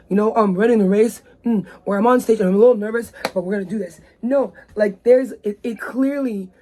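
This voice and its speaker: This woman's mellow voice sits on the high side as she hosts her vlog indoors in a bedroom. Chatty and rambling, she fills her casual talk with many fillers.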